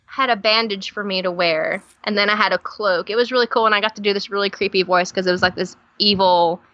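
In a casual podcast conversation, a Tennessee guest with a Southern drawl tells stage stories fast and animatedly, laughing as she goes. Her medium-pitched voice is recorded dry, with the highs cut off.

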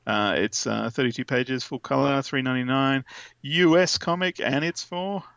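A man's voice: medium pitch, normal speed, creaky, a bit bright, clear, resonant tone, no room sound, dull audio. A chatty, giggly man, co-hosting a casual podcast and reading text aloud playfully. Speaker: podcast co-host. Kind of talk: casual comic podcast chat.

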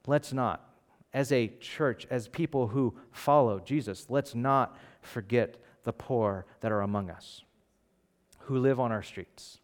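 Guy pastor giving a sermon, chatty, animated, acts out bits of the story. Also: medium pitch. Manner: animated, acts out crowd voices, conversational with fillers.

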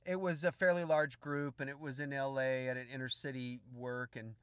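A middle-aged man preaching, telling a funny story in an animated, humorous way. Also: mid-range voice, moderate pace, clean tone, no echo, clean studio sound. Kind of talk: storytelling sermon.

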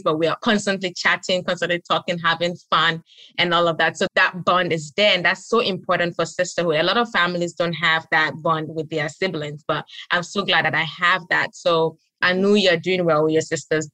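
A woman's voice: on the low side, sharp tone, dry recording, low-quality recording. A woman hosting a podcast in a casual, effusive chat, laughing often. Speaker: podcast host.

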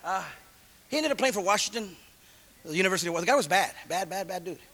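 A middle-aged man preaches a sermon and shares his own testimony in street slang, swinging from loud calls to hushed asides. His voice sits high and is expressive, delivered in a rapid-fire rush.

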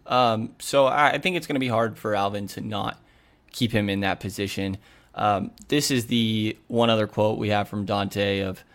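A man's voice: fairly low pitch, steady tone, normal speed, fairly bright tone. A man, a sports reporter, chatting casually on a podcast, talking loosely and filling his speech with "like" and "you know".

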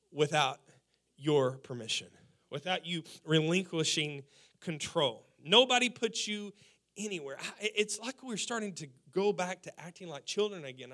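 A man in his forties, a pastor, preaching a sermon in an animated way, acting out quotes and laughing along with his own points. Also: sits high. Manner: animated preaching, quoting people in acted voices, laughing.

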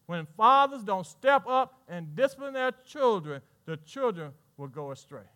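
A man preaches with a high, bright, forceful voice. He poses questions to his congregation and shifts between raised, ringing lines and quiet asides. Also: lively intonation, normal speed. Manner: preaching with sudden swings between loud and hushed. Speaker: pastor. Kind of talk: sermon.

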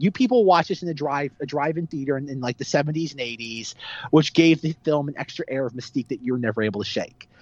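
A man's voice: fairly high pitch, slightly rough, no echo, muffled recording. A man co-hosting a casual movie discussion podcast, rambling with lots of fillers. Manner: rambling, filler-heavy, animated. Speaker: podcast co-host.

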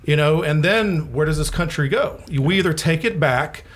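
A man's voice: fairly high pitch, moderate pace. An older man co-hosting a podcast, telling stories in a profane, ranting way, acting out the people in them. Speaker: podcast co-host. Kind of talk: casual chat.

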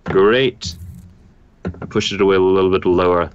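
A man's voice: low-pitched, steady tone, moderate pace, dull audio, slight background noise. A man talking casually as a podcast guest, enthusiastic about comics. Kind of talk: casual chat.

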